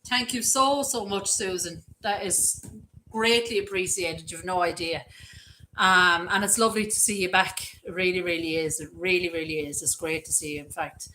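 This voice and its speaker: Bright-voiced chatty Irish woman. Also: on the low side, steady tone, normal speed, a little hiss or hum, rough recording. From Ireland. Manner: chatty, greets viewers by name, rambling. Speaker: livestream host. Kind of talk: casual live-stream chat, reading viewer comments.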